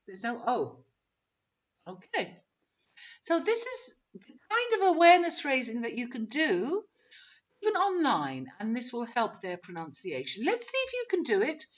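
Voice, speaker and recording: A woman teacher trainer leading an online webinar, encouraging and modeling pronunciation slowly. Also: a little high, wildly swooping pitch. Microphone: video call. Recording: dull lo-fi webinar audio.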